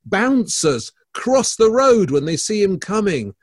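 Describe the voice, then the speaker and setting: A man's voice: high voice, very animated, slow, no room sound, clean studio sound. A man co-hosting an art podcast, bantering in a playful, theatrical way with his co-host.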